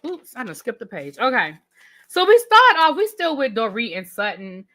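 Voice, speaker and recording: A woman's voice: a little high, huge pitch swings, normal speed, sharp tone. A woman hosting a live review stream, chatting with viewers in a casual, emphatic way with lots of slang. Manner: chatty, emphatic, Southern-tinged slang ("child", "ain't", "honey").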